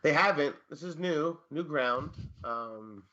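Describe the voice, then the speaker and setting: Bright-voiced rambling sports co-host man. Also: on the high side, lively intonation, slow, muffled recording. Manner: rambling, hedging with many fillers, dry jokes. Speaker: fantasy football co-host and teacher. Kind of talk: casual sports podcast chat.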